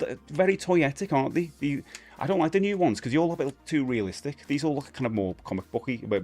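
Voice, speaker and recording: Here the live-stream host, a forties-aged man with a London Cockney accent, sounds fairly low-pitched and darkish in tone. His talk is a casual, meandering chat peppered with fillers and restarts as he goes through comments from viewers.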